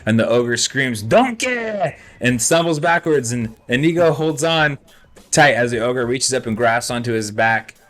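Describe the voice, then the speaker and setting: A man narrating a tabletop game as game master in a casual, halting way, swearing freely. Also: mid-range voice, fairly even intonation, a bit bright.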